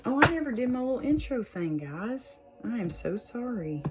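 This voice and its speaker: A woman's voice: on the high side, sing-song, normal speed, loud music behind the voice, poor audio. Chatty woman reading tarot. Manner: chatty, warm, lots of "y'all" and laughs. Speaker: tarot reader, channel host. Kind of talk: casual tarot reading to camera.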